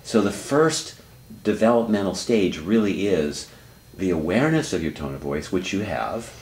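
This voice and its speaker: A man counseling someone in a calm, reflective, coaching way. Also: low voice, moderate pace, reverberant. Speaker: therapist and teacher. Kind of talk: counseling dialogue.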